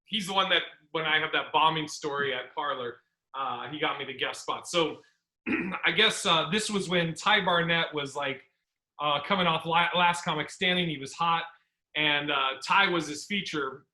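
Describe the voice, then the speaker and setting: A man hosting a podcast, telling comedy road stories in a rambling, animated way and acting out the people he quotes. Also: a little high, normal speed. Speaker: podcast host. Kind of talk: casual storytelling chat. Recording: roomy echo.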